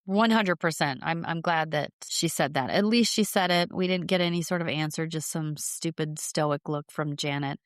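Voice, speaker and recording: A woman's voice: low voice, no echo, studio quality. A woman co-hosting a podcast, bluntly giving her opinions on reality TV in casual chat. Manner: blunt, emphatic, quick agreements. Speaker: podcast co-host.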